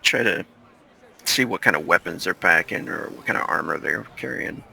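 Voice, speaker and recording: A male player in a tabletop game, talking slowly and hesitantly. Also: low-pitched, lively intonation, vocal fry, pushed and bright, breathy edge, some chatter behind. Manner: slow, hesitant. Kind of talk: tabletop role-play.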